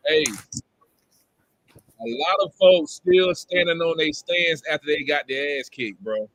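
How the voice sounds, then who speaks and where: A man's voice: a little high, lively intonation, unhurried, vocal fry, fairly bright tone, low-quality recording. A man talking bluntly on a casual live stream, slangy, ending lines with "bro".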